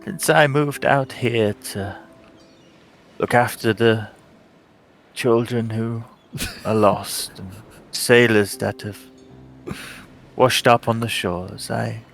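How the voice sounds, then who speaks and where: A man's voice: on the low side, steady tone, takes it slowly, vocal fry, pauses often, fairly bright tone, soft background music, exaggerated voice. A man voicing a kindly elderly male priest who is hard of hearing and stammers and repeats his words.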